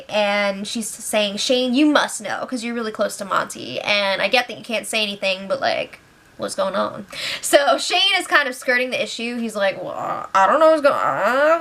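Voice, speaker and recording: A young woman recaps from home in a casual, gossipy way, quick to laugh. Her voice sits a touch high and sounds bright and forward. She keeps slipping into animated impressions of the people she quotes. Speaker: reality show recap host. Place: home, with pets nearby.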